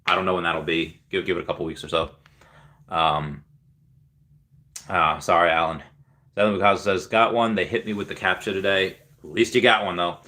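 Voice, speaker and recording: A man's voice: deep voice, fairly even intonation, normal speed, long pauses, pushed and bright. A man hosting a casual livestream, reading viewer comments aloud with lots of ums and cheering on the winners. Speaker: livestream host reading chat.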